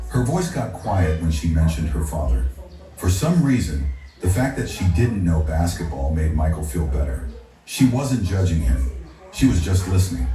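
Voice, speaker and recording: A man narrating a scripted story in a steady, dramatic way. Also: deep voice, normal speed. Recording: echoey, distant, faint music.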